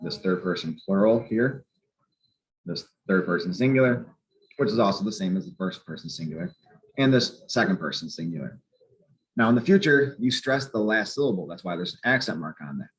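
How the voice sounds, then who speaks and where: A man's voice: low-pitched, lively intonation, brisk. A man teaching a language grammar lesson, explaining step by step in a patient, methodical way and spelling out letters. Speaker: Spanish teacher. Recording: slightly muffled lo-fi recording.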